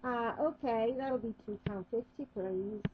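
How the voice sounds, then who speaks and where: A woman's voice: fairly high pitch, a little slow, dull audio, a little hiss or hum, natural voice. A woman voicing a friendly, laid-back male shopkeeper in an amateur cartoon.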